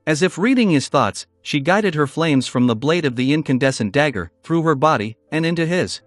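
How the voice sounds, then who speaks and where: A man narrating a fantasy web novel in a steady storytelling read. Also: on the high side, moderate pace, no room sound, soft background music. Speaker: audiobook narrator. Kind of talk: scripted narration.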